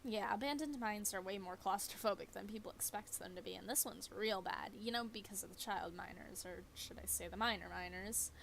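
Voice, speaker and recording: A woman's voice: medium pitch, fairly quick, gravelly, few pauses, a bit bright, a little hiss or hum. Woman doing Stella, a breezy ghost hunter. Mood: wry. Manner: wry, offhand.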